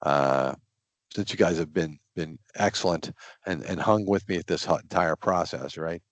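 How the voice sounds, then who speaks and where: A middle-aged man leading a casual online training session, talking through number examples in a relaxed way over a video call. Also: low voice, normal speed, no echo. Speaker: software trainer.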